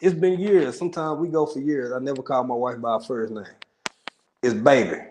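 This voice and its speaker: A man's voice: mid-range voice, brisk, a little mellow, slight background noise. A man from Texas with a Texan accent, hosting a livestream and chatting casually with viewers, joking, laughing often and rambling in asides. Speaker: livestream host. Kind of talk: casual chat with live viewers.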